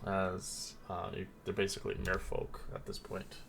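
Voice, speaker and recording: A man narrating as game master of a tabletop game, rambling with many pauses and restarts. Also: low voice, completely flat delivery, gravelly, a bit bright, faint music behind.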